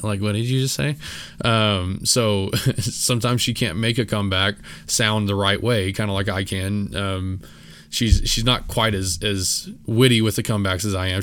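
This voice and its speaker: Rambling, low-voiced man podcasting solo. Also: fairly bright tone. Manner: rambling, self-deprecating, many fillers and restarts. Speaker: podcast host. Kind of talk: casual solo podcast talk.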